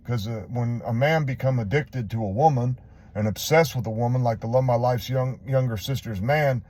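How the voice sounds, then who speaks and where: A man giving a rambling, halting personal testimony, earnest and confessional, with many restarts. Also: mid-range voice, a little mellow, dry recording.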